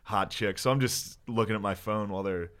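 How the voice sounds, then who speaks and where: Bright-voiced, self-deprecating comedian guest. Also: male voice, fairly low pitch, smooth. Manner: self-deprecating, profane, quick apologies. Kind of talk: casual comedy podcast chat.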